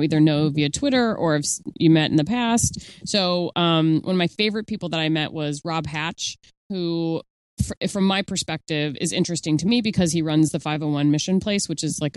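Female podcast co-host, lowish voice, chatty and rambling, dry sound. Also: dry recording. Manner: chatty, laughing, rambling with fillers. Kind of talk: casual chat.

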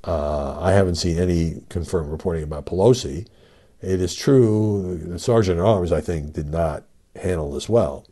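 A man's voice: sits low, moderate pace, dark tone. An older man hosting a solo podcast, giving conversational commentary with fillers and emphatic rhetorical questions. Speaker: podcast host and media commentator.

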